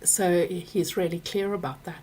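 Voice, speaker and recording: A woman, hosting a live Q&A and telling a personal story, animated when she acts out what others said. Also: lowish voice, a little slow, slightly rough. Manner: animated when acting out quoted people. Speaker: workshop host answering questions.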